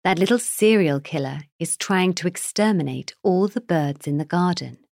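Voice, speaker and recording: A woman's voice: lowish voice, animated, normal speed, vocal fry, a little mellow, no room sound, clean studio sound. A woman voicing an indignant young boy who fussily corrects his neighbor in a storybook reading. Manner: fussy, corrects others precisely. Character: indignant young boy neighbor, bird-loving dog owner.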